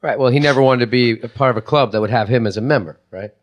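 A man on a comedy podcast, chiming in with quick wisecracks during casual chat. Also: medium pitch. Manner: wisecracking, chimes in with quick jabs. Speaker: podcast guest.

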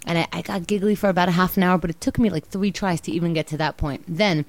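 A young woman hosting a podcast, telling a story in a casual, animated way and acting out her own quotes. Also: on the low side, quick pace, dry recording. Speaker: podcast host.

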